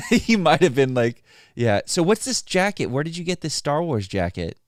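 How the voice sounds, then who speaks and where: A man's voice: fairly high pitch, big pitch swings, normal speed, no echo, studio quality. A man hosting a live stream, chatting in an easygoing way and laughing often. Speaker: livestream host. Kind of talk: casual live-stream chat.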